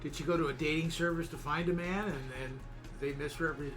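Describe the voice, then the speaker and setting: A man's voice: on the high side, fairly even intonation, brisk, music in the background. A male co-host on a casual news stream who reacts briefly and asks follow-up questions. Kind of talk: casual chat.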